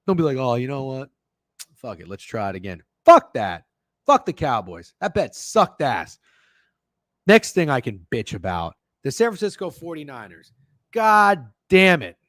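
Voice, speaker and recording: A man's voice: mid-range voice, no echo. Profane, fired-up man ranting. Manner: answers live chat messages. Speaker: sports betting podcast host. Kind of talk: casual ranting chat.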